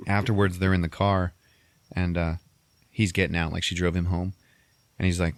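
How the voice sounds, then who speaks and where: Male podcast host, lowish voice, rambly comedic recap, laughs a lot, dry close mic. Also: little pitch movement, normal speed, long pauses, no echo. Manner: rambling, laughs often, swears casually. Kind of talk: casual comedic movie recap.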